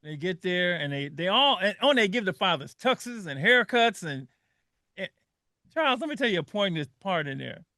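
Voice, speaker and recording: Bright, high-voiced older male radio host. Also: moderate pace, no echo. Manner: animated storyteller, emotional, repeats words. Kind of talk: casual radio panel talk.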